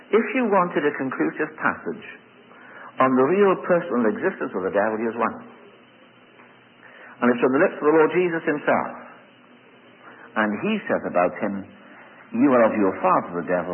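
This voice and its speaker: A man preaching an expository sermon, emphatic and animated, often stumbling over repeated words. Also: medium pitch, normal speed. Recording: tinny phone-like sound in a reverberant hall.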